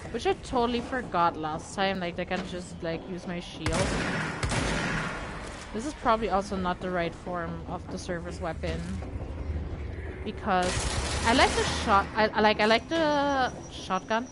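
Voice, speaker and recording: At her gaming setup at home, a woman streamer chats unhurriedly through her gameplay in a mid-range voice, using lots of filler and occasionally swearing in alarm. Game sounds can be heard behind her streamer microphone.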